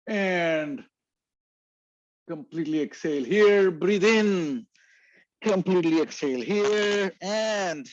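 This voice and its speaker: Slow, calm male yoga instructor. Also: a little high, no echo, dull audio. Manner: calm, slow cueing of breath and poses, chants mantras.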